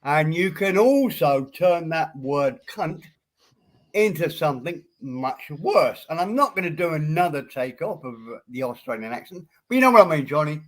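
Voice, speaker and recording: A man's voice: fairly high pitch, sing-song, moderate pace. A man hosting a livestream in casual chat, rambling and laughing often as he addresses viewers by name. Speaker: livestream host.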